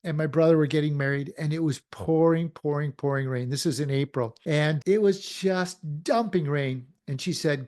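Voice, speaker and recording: A middle-aged man hosting a motivational podcast, energetic and firing many questions at the listener. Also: fairly high pitch, moderate pace, few pauses. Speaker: podcast host. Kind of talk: motivational talk.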